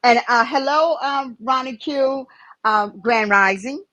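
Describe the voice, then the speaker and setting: Chatty lady on a video call, bit high, dry mic. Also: slow pace, bright, forceful tone, no echo, muffled recording. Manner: chatty, calls people baby, nervous restarts. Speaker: panelist. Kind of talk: casual chat on a live stream.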